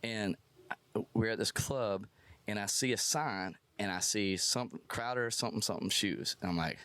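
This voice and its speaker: A man being interviewed at a music festival, telling a story in a lively, self-deprecating, animated way. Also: on the low side, normal speed, smooth, no echo. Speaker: musician guest.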